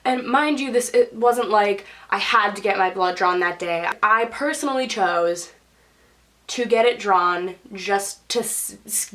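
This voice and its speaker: A young woman telling a story in a casual vlog, chatty and full of "like", acting out quotes in a higher voice. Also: fairly bright tone. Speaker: YouTube storyteller.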